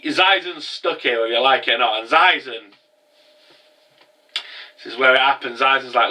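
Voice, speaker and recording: A young man reviewing an anime episode in a casual, animated, rambling way with many restarts. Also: medium pitch, moderate pace, pauses often, far from the mic, rough recording.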